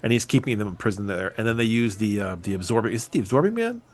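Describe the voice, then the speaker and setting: A man co-hosting a podcast in casual chat, animated and swearing freely, his voice jumping up when excited. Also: fairly low pitch, very fast. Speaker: podcast co-host.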